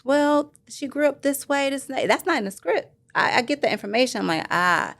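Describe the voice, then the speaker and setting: A woman actress answering interview questions in a rambling, animated way, acting out what others said to her. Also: high-pitched, fairly quick, vocal fry. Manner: rambling, animated, acts out quoted voices. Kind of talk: casual interview chat.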